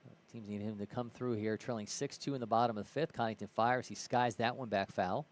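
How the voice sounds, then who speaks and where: A play-by-play commentator from Ohio calls a live baseball game in an easygoing way, correcting himself as he goes. His voice is lowish and steady, and his pace is brisk.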